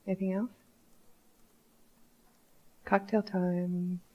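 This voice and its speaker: A woman's voice: fairly low pitch, flat delivery, very slow, lo-fi sound, a little hiss or hum. A woman giving a conference talk on company culture, speaking bluntly and candidly in a conversational way.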